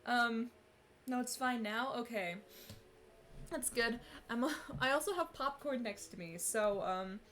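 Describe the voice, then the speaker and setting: A woman's voice: fairly high pitch, a little slow, fairly bright tone. A young woman chatting casually on a live stream before reading fan fiction, giggly and full of fillers and restarts, on a cheap streaming mic. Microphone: cheap streaming mic on a laptop.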